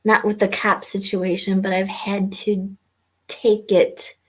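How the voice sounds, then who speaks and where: A woman hosting a live stream, talking in a halting way with many fillers and repeated words, sometimes dropping to a whisper. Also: medium pitch, flat delivery, slightly rough. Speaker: host of a weekly live stream. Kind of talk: casual personal talk.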